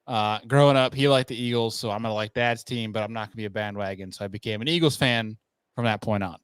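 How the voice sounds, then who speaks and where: A man's voice: lowish voice, fast talker, clear, resonant tone, dry recording. A man hosting a podcast, explaining things in an easygoing way. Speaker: podcast host. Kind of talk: casual podcast chat.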